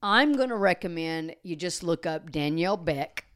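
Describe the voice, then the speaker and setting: A woman with a somewhat low voice talks through dog training on a podcast in a relaxed, unscripted way. She explains earnestly and steadily, at times slowing down and going soft to show how calm speech sounds. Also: clean tone. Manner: earnest, explanatory, slows and softens to demonstrate calm talk. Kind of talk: casual podcast chat.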